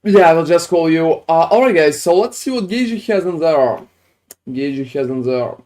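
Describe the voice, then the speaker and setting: A man's voice: fairly high pitch, animated, normal speed, darkish tone. A man streaming a game, chatting casually with viewers while reviewing their builds, with phrasing and frequent swearing. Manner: casual, swears often, non-native phrasing.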